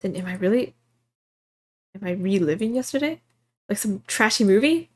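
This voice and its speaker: A woman voicing a bitter, sharp-tongued old lady. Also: medium pitch, expressive, natural voice. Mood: bewildered. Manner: sharp-tongued, quick to curse and lash out. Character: bitter, suspicious old woman trapped in a time loop. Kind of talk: streamer voicing a visual novel. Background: game music.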